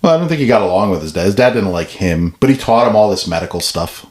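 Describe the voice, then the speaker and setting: A man co-hosting a podcast, chatting casually about a movie with a halting, animated delivery and frequent restarts. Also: on the low side. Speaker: podcast co-host. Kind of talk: casual movie review chat.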